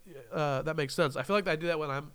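A man's voice: fairly high pitch, quick pace, fairly bright tone, smooth. A young man hosting a casual interview podcast, joking, rambling and laughing often. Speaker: podcast host.

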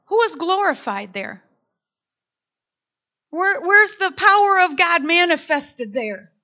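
A woman's voice: very high-pitched, slow pace, lo-fi sound. A woman preaching a sermon, telling stories animatedly and acting out quotes. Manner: animated storytelling with acted quotes.

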